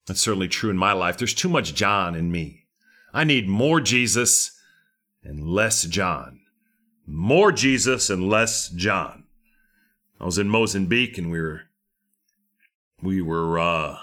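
A man's voice: fairly low pitch, pushed and bright. A middle-aged man preaching a sermon, fervent and emphatic, with lots of repetition.

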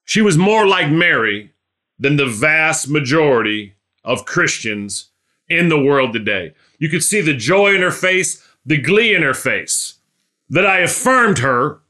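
A man's voice: fairly high pitch, big pitch swings, unhurried, bright, forceful tone. A man preaching a sermon, telling a story and building to emphatic exhortation.

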